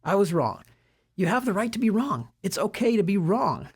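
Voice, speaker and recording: Husky man giving casual advice. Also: high voice, fairly quick. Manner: relaxed, conversational, frequent fillers and restarts. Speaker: self-development speaker. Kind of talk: casual talk to camera.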